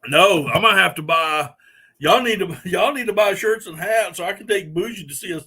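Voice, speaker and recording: A man hosting a casual live stream, laughing helplessly between drawn-out exclamations as he chats with viewers. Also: high-pitched, pushed and bright, husky. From Southern US. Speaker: host.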